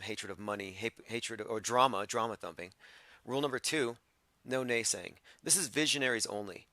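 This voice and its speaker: Dude ranting on his livestream, gravelly and sharp, dry home mic, dismissive. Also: medium pitch, dry recording. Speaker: livestream host. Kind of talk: casual livestream monologue.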